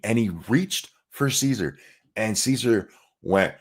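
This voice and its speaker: Profane, animated male podcast host. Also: fairly low pitch, unhurried. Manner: profane, exasperated storytelling. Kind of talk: casual ranting commentary.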